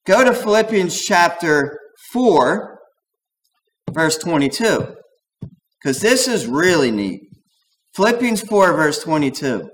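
A man preaching a sermon as pastor, talking in an animated, digressive way and acting out quoted voices. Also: a little high, slow, long pauses, a little hiss or hum, rough recording. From United States.

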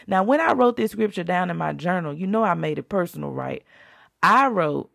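Fervent woman with a gravelly low voice. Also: expressive, moderate pace, a bit bright, no room sound, clean studio sound. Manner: fervent, colloquial, preacherly. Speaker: podcast host. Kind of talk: faith podcast monologue.

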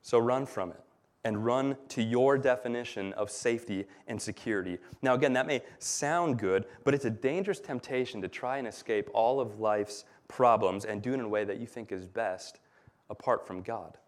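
A man's voice: medium pitch, normal speed. Earnest man preaching a sermon. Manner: earnest, explanatory, with light humor. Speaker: pastor. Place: church.

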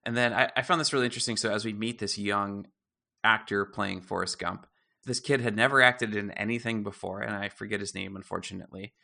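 A man's voice: lowish voice, brisk, vocal fry. A man co-hosting a podcast, chatting casually and telling stories with easy laughs. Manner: relaxed storytelling, laughs easily. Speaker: podcast co-host. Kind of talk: casual chat.

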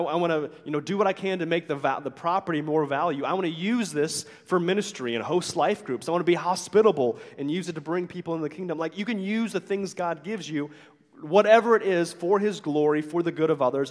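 A man's voice: fairly high pitch, quick pace, in a large hall. A man preaching a sermon as a pastor, talking in a conversational way with frequent "right?" asides and acting out the complaints he quotes.

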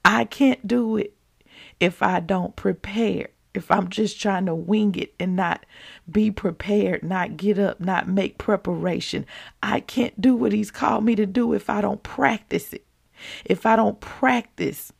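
A woman's voice: medium pitch, creaky, a little mellow, slightly rough. A woman giving an earnest, emotional devotional talk, close to tears and often repeating herself as she speaks to her listeners. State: teary, close to crying. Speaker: Christian speaker sharing a devotional.

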